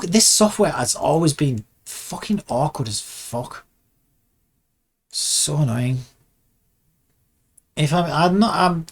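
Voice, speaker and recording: A game developer vlogging while working, muttering and swearing in constant exasperation, often trailing off and restarting sentences. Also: medium pitch. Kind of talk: casual dev vlog commentary while working.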